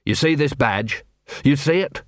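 A man voicing a blunt, gruff middle-aged watch captain giving orders. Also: mid-range voice, expressive, unhurried, no room sound, studio quality, close to an everyday voice. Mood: stern. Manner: blunt, commanding.

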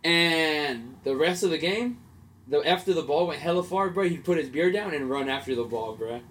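A young man co-hosting a casual podcast, telling animated stories in slang and swearing freely. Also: a little high, moderate pace, slight background noise. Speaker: podcast co-host. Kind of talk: casual chat.

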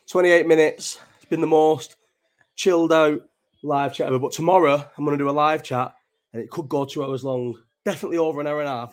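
A man, rambling and chatty and swearing freely while hosting a casual late-night live chat from home. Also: medium pitch. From Bolton, England. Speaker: live stream host. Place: at home at night, child nearby.

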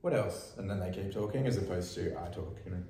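A man's voice: low voice, steady tone, fast, creaky, dark tone, slight background noise. A man hosting a casual chat, telling stories candidly and laughing at them, swearing freely. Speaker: podcast host and musician. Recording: echoey room with guitar.

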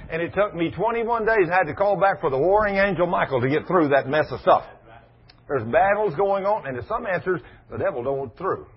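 A man preaching a sermon, telling stories in a folksy, emphatic way with big swings in loudness. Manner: folksy, emphatic, dramatic swings in pitch and volume. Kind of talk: sermon with storytelling. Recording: muffled, husky lo-fi sermon recording.

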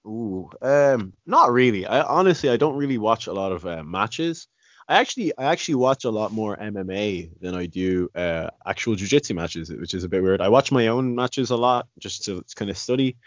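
Low-pitched man, rambling podcast talk, dry close lo-fi recording. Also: lively intonation, moderate pace, no echo. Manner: rambling, many restarts and "you know". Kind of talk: casual chat. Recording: dry, slightly dull lo-fi sound.

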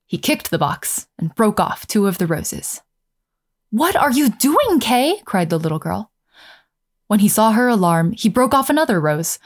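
A woman narrating a fairy tale in a gentle, measured storytelling manner. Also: medium pitch.

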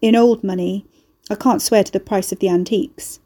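A woman voicing a bulky house in male human form, speaking slowly in a deeper, scratchy voice. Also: fairly even intonation, warm tone, natural voice. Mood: matter-of-fact. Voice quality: deeper, scratchy, slow and halting.

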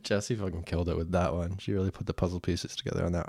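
A man's voice: deep voice, level tone, rapid-fire, gravelly, few pauses, darkish tone, dry recording, clean studio sound. A young man talking to himself alone in his room for a casual vlog, rambling and self-mocking, often stopping and restarting. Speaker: vlogger.

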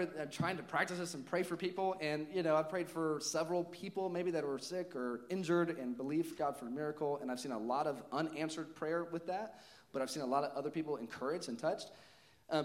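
A young man preaching a sermon, telling a personal story in a lively way with frequent laughs and casual fillers. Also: medium pitch. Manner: animated storytelling, laughs often, many "like" fillers.

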